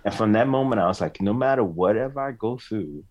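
A man's voice: lowish voice, a little fast. A middle-aged man, a songwriter and singer, telling stories in an interview with emotion and frequent laughter. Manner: animated, emotional storyteller, laughs often. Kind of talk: casual storytelling interview.

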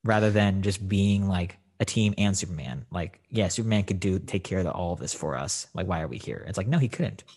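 Low husky man chatting casually. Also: lively intonation, a little fast, few pauses, darkish tone. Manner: rambling, filler-heavy, frequent "like". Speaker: film discussion co-host. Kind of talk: casual chat.

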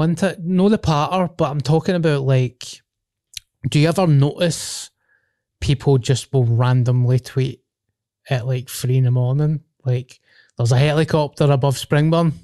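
A man's voice: a little high, moderate pace, warm tone, no room sound, clean studio sound. A man with a Glaswegian Scottish accent hosting a podcast, chatting casually in sweary, laughing banter. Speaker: podcast host. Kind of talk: casual chat.

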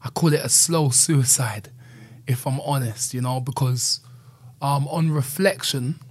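A man's voice: mid-range voice, unhurried, slightly rough, no echo. A man speaking earnestly and candidly as an interview guest, often adding "you know". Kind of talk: reflective conversational interview.

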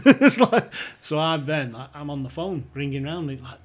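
A man spins a lively yarn in a slightly high, husky voice, laughing as he goes. He acts out every character in the story with relish, in a loose, chatty podcast manner. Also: normal speed, few pauses. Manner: animated storyteller, laughs often, acts out quotes. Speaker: podcast guest. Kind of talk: casual anecdote telling.

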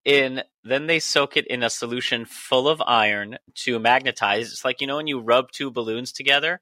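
A podcast host explaining science news in a calm, deadpan way with dry humor. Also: male voice, medium pitch, normal speed, no echo. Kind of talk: casual chat.

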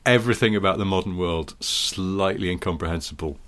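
A man co-hosting a casual comedy chat, trading deadpan, teasing asides. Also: low voice, brisk, a crowd in the background.

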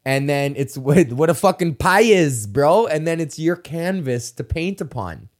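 A young man from Canada hosting a casual solo podcast, rambling excitably and swearing often. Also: fairly high pitch, a little slow. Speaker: podcast host. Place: at home in front of a camera.

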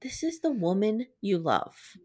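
A woman co-hosting a chatty recap podcast, with a pitch that swings up and down as she retells scenes. She quotes lines and adds quick asides in a casual, conversational way. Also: sing-song, warm tone, husky. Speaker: podcast co-host.

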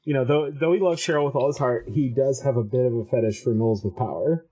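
A woman's voice: extremely low pitch, fast talker, mellow, husky. A woman player in a tabletop game, rambling and joking as she describes her character.

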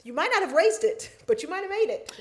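A woman's voice: very high-pitched, very animated, quick pace. A woman co-hosting a casual podcast chat, bantering in a playful, teasing way. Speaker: podcast co-host.

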